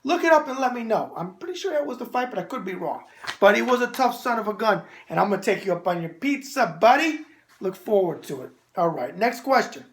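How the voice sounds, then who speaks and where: A man's voice: sits high, sing-song, fairly quick, fairly bright tone. A middle-aged man with a New York accent hosting a boxing show, answering viewer mail in brash wise-guy banter.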